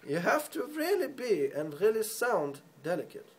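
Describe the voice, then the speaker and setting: A man's voice: high-pitched, sing-song, moderate pace, pitched above the performer's own voice. A man putting on a self-important German man with a German accent and a pompous manner.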